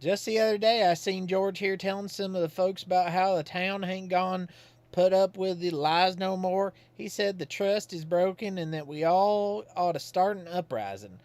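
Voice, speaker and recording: A man's voice: high-pitched, darkish tone, smooth, no room sound, pitched above the performer's own voice, natural voice. A man doing Godfrey, a folksy country fellow. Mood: folksy, chatty. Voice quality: folksy country dialect, drawn-out storytelling. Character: simple folksy rural man, old Godfrey.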